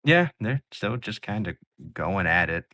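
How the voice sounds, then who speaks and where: A man's voice: on the low side, sing-song, unhurried, bright, forceful tone, no room sound. A man narrating as game master for a casual tabletop role-play, voicing the characters. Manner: casual, voices several characters.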